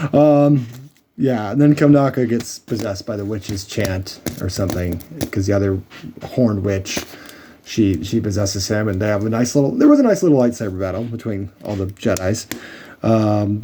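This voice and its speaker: A man's voice: fairly low pitch, lively intonation, normal speed, mellow, a little hiss or hum. A man recapping a TV episode in a casual, rambling and sarcastic way, with many fillers. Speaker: show reviewer.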